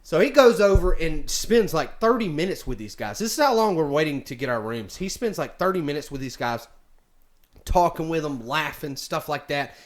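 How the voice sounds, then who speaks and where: A man's voice: fairly high pitch, lively intonation, normal speed. A man casually telling a story, rambling with many fillers and restarts. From United States. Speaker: vlogger.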